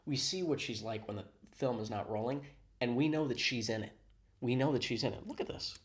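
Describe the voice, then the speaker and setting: A man's voice: mid-range voice, fairly quick. A man giving sarcastic, mock-serious commentary on a video he is playing. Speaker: reaction commentator.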